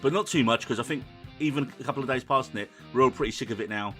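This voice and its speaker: Bright-voiced male podcast host. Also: medium pitch, soft background music. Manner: brisk, runs the show, teasing. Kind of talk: casual podcast chat.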